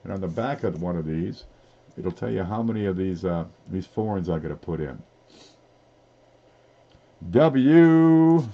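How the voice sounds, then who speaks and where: A man's voice: low-pitched, brisk, phone-quality sound. A man hosting a casual live-stream giveaway, talking in a folksy, rambling way as he reads off items one by one. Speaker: livestream giveaway host.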